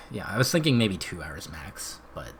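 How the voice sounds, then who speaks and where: A man's voice: deep voice, very animated, moderate pace, fairly bright tone, slight background noise. A man hosting a live stream, chatting casually and rambling with frequent laughs. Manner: laid-back, rambling, laughs often. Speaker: streamer host.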